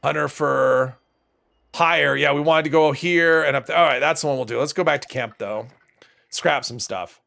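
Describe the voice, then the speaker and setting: A man's voice: fairly high pitch, moderate pace, vocal fry, bright, forceful tone. A man streaming a video game, rambling and thinking aloud in casual commentary, with a stuffy nose. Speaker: gaming streamer.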